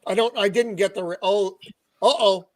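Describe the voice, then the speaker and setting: A man's voice: high-pitched, steady tone, moderate pace. An American man hosting a casual video-call panel chat, giggling and incredulous as he reads out odd slang.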